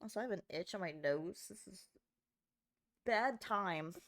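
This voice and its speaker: A woman's voice: on the low side, fast talker. Sleepy chatty woman streaming a game. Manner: chatty, rambling, talks to her chat. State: sleepy, just woke up. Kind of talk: casual game-stream chat.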